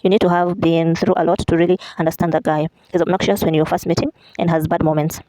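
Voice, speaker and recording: A woman's voice: on the low side, little pitch movement, fast, mellow, no echo, rough recording. A woman reading a memoir aloud in a casual way, correcting herself now and then and adding chatty asides.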